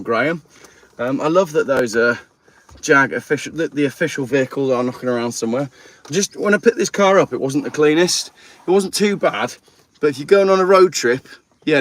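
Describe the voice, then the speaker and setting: A man chats on a phone livestream while he cleans his car outside. He rambles in a relaxed, friendly way, greets viewers as he works, and sits at a middling pitch. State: a little out of breath. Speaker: channel host. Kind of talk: casual livestream chat.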